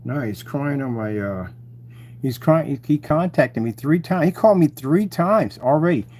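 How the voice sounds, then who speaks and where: A man's voice: on the high side, expressive, normal speed, darkish tone. A man hosting his channel, mocking and taunting his rivals in a rambling live-stream rant.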